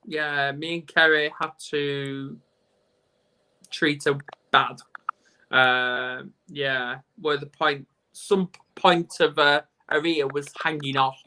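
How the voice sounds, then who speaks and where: A man's voice: on the high side, steady tone, slow, sharp tone, slight background noise. A man with a Northern English accent hosting a casual live video chat, joking and rambling in a self-deprecating way. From England. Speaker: host. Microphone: video call.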